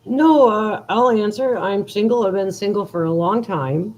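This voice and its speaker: A woman being interviewed in casual chat, self-deprecating and quick to laugh. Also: medium pitch, darkish tone, dull audio, slight background noise. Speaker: guest.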